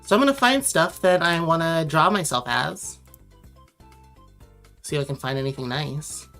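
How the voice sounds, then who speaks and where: On a late-night drawing livestream, a young woman from Connecticut, USA, rambles casually and answers viewers' messages she reads aloud. Her deep voice is animated and a bit bright, at normal speed, with faint music behind.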